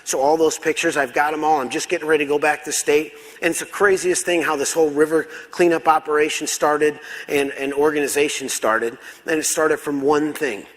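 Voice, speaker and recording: A man's voice: on the high side, brisk, few pauses. A man telling a story as a conference speaker, acting out dialogue in different voices. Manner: animated, acts out dialogue. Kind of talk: storytelling keynote talk. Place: large conference hall. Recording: long hall reverb.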